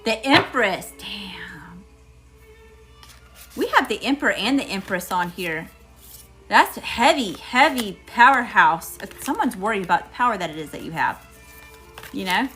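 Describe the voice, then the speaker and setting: A woman's voice: medium pitch, expressive, a little slow, pauses often, bright, forceful tone, soft background music. A middle-aged woman with a Southern US accent, giving an emphatic live tarot reading straight to her viewers. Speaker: tarot reader.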